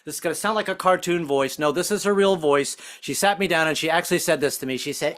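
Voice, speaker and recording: This is a man in his fifties telling a stand-up set live from home over a video call. He talks in a bright, forceful way with a raised pitch. He keeps jumping into loud, shrill voices to act out the people in his jokes. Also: fast talker, hardly any pauses. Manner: jokey, acts out other voices in high shrill tones. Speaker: stand-up comedian.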